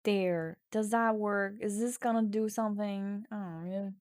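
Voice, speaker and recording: Slow-talking playful woman streamer. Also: mid-range voice, steady tone, no room sound, studio quality. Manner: playful, giggly, swings into loud mock shouting. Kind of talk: casual livestream, reading a text adventure aloud.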